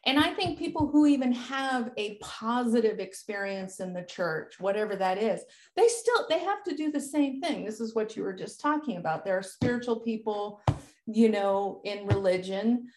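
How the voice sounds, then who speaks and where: A woman's voice: medium pitch, lively intonation, normal speed, a little mellow. Candid storytelling woman, echoey room. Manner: candid, swears freely, lots of filler words. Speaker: podcast host. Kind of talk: casual conversation, personal storytelling.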